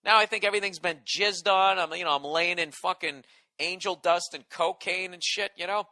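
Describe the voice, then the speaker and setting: A man's voice: high voice, normal speed, pushed and bright, no echo. Profane, sarcastic man telling a story. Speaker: comedian podcast host. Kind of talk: comedic storytelling rant.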